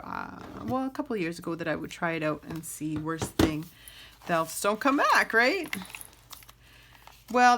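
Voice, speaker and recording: Chatty woman crafter, somewhat low voice. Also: a bit bright, slight background noise. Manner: rambling and self-deprecating, with filler words. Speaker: junk journal crafter and channel host. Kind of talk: casual chatty craft flip-through.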